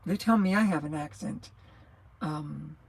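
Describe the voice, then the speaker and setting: A woman in her sixties from New Mexico, a truck driver and livestream host, chats casually at a measured pace, rambling, frequently laughing and losing track of her thoughts. Her low, scratchy, rattly voice has vocal fry, a darkish tone and a breathy edge.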